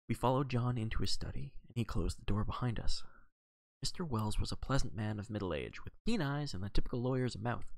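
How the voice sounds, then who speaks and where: A man reading a classic mystery aloud as a first-person audiobook narration, in a steady, plain storytelling manner. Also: mid-range voice, fairly quick, vocal fry, dry recording. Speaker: audiobook reader.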